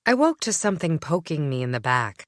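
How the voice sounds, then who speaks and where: A woman with a low voice reads a first-person audiobook, her pitch moving in a lively, expressive way. Her delivery has a sardonic edge. The recording is dry and close. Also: a little fast, no room sound. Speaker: audiobook narrator.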